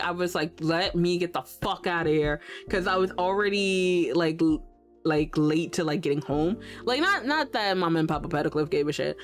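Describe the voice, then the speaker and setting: A young woman streamer ranting in casual stream chat. She swears constantly, laughs often, and acts out her own exasperated reactions. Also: fairly low pitch. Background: faint background music.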